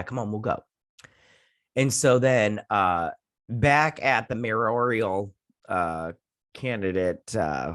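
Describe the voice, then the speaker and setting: A man's voice: lowish voice, no room sound, studio quality. A man hosting a review show, giving a loose, rambling recap of an episode with many fillers and casual swearing.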